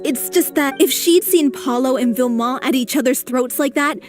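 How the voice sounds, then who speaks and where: Game cutscene, woman doing a soft gentle troupe girl, high voice, music clearly under. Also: normal speed, lightly acted. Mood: apologetic.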